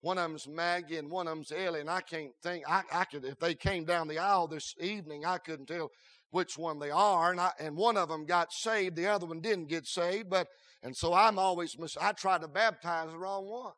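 Male pastor mid-sermon: chanting, shouting delivery with stammered restarts, bright sharp tone. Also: fairly high pitch, moderate pace. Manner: fiery, shouting, sing-song preaching cadence; frequent "uh" fillers and stammered restarts.

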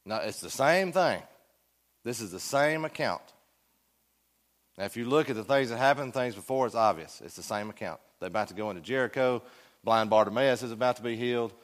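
A man teaches a Sunday school class in a church classroom. His voice sits at a middle pitch. He talks in a folksy, joking way and keeps putting questions to the room. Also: fairly quick.

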